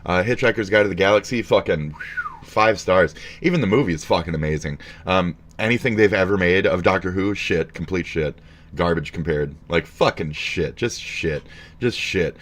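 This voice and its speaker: A man's voice: sits low, moderate pace. A man streaming commentary, ranting crudely and mockingly with lots of swearing. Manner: crude, profane, mocking, animated. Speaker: streamer reacting to posts.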